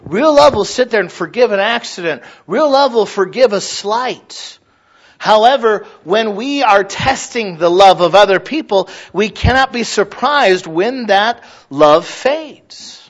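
High-voiced animated male preacher. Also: a little slow, muffled recording. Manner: animated, mimics voices for illustrations. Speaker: pastor. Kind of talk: sermon.

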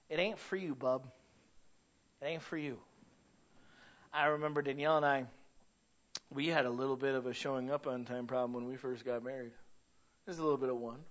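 Emphatic high-voiced male pastor preaching. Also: highs cut off. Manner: emphatic, swings between loud pleading and quiet asides. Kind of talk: sermon.

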